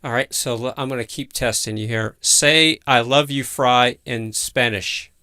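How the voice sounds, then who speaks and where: Male livestream host, casual, curious and halting; bright, crisp tone. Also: medium pitch. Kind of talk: casual live chat.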